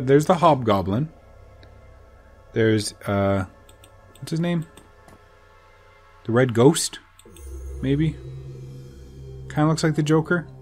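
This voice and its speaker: A man's voice: mid-range voice, a little mellow. Joking man playing a game. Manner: joking, casual asides. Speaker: let's play host. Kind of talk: gameplay commentary.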